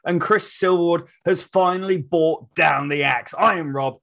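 A man's voice: a little high, normal speed, vocal fry, fairly bright tone. A man co-hosting a casual sports podcast. He is upbeat and opinionated, and rattles off statistics. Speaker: podcast co-host.

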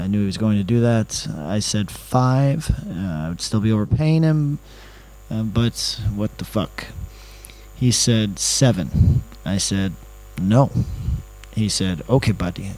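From his hotel room, a travel vlogger with a mid-range, dark voice rambles through a travel story in a casual monologue, ranting, sarcastic, and profane. The recording is low quality.

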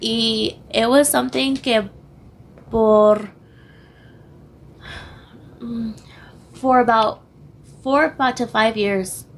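A young woman with a hoarse voice, a podcast guest speaking candidly and haltingly, switching languages mid-sentence. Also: a little high, steady tone. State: losing her voice, hoarse. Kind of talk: candid personal interview.

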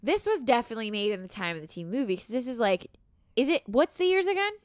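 A young woman co-hosting a casual podcast chat, playful and quick to laugh. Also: a little high, no echo, studio quality. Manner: lively, playful, laughs often. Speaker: podcast co-host.

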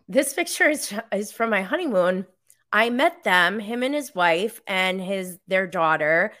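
A woman's voice: medium pitch, expressive, slow, a bit bright. A woman hosting a podcast, chatting casually through a live recap with many fillers and giggles. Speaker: podcast host.

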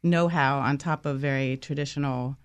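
A woman's voice: very deep voice, fairly even intonation, moderate pace, smooth, dry recording. A woman, a guest on a talk show, telling stories about family food and travel with frequent laughs.

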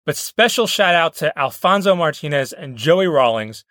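A man hosts a comedy podcast with a dry, joking delivery. His voice sits a little high and sounds close and dead, with no room around it. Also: expressive, normal speed, fairly bright tone, no room sound. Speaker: podcast host.

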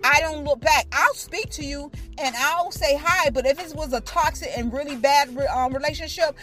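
An older woman, chatting casually about Bible teaching to viewers, playful and animated, often laughing and singing bits of phrases. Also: moderate pace, faint music behind. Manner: animated, with sudden high pitch jumps. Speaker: faith talk host.

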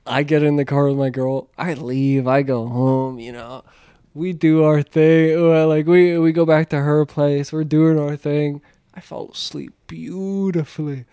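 A man's voice: on the high side, warm tone, clear, resonant tone, no room sound, clean studio sound. A man telling a rambling story in casual chat, swearing, laughing and acting out what people said. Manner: swearing, laughing, acts out quotes.

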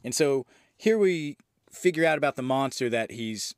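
A smooth, mid-pitched male voice at normal speed belongs to a movie podcast host excitedly recapping a horror film scene by scene. His casual delivery is thick with fillers and includes a swear here and there. The recording is close and dry, with no room sound at all.

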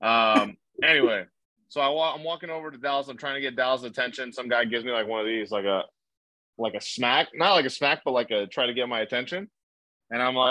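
Bright, rambling young guy hosting. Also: mid-range voice, brisk, dry recording, low-quality recording. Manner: rambling storyteller, lots of fillers and swearing. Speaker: podcast host. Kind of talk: casual chat.

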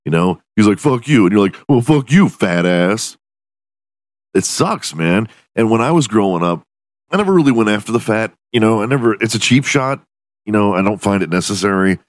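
A man's voice: lowish voice, lively intonation, fast, no echo. A man hosting a podcast alone in his room, delivering a profane, self-mocking comedic rant. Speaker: podcast host.

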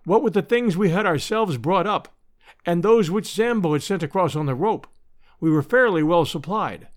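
A male audiobook narrator reading a classic adventure in the first person. His voice sits high and moves with animated, expressive pitch. He tells the story at a measured, storytelling pace. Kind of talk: scripted narration.

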